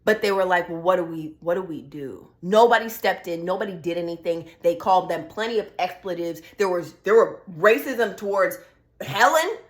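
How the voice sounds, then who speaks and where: A woman's voice: on the low side, moderate pace. Blunt, heated young woman ranting. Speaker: vlogger. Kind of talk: casual opinion vlog.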